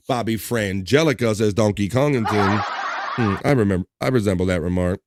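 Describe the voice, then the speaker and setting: A man's voice: lowish voice, normal speed, over music. A man hosting a live stream, reading viewer messages aloud in a casual way with crude jokes and chuckles.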